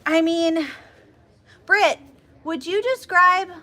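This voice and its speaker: A woman hosting a casual livestream as media director, chatty and animated, often laughing. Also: very high voice, takes it slowly. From Texas.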